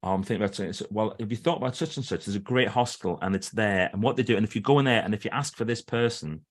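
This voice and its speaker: Speaking rapid-fire in a voice on the low side, this middle-aged man is a guest author and trainer in a podcast interview. He tells his stories with animation, performing what other people said.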